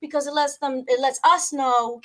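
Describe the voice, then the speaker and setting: A woman with a high voice hosting a talk show. She is chatty and enthusiastic, rambling as she builds on a guest's point. It is loose, casual talk-show chat. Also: steady tone, moderate pace, bright, forceful tone.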